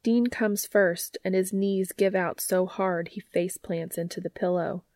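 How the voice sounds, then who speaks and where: A woman reading fan fiction aloud in a soft, even storytelling voice. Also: mid-range voice, a little slow.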